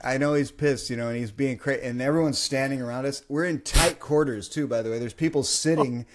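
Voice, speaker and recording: A man's voice: mid-range voice, a little fast. A man on a casual podcast, telling a story and acting out the voices. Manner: animated storyteller who acts out voices. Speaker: podcast host.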